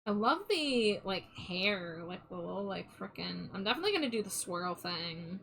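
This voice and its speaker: A woman on a live stream talks casually as she draws, her voice bright and a touch sharp. She chats and rambles, trailing off mid-sentence and poking fun at herself. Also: mid-range voice, very animated, moderate pace, vocal fry, husky, rough recording. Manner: chatty, self-deprecating, trailing off. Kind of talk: casual live-stream chat while drawing.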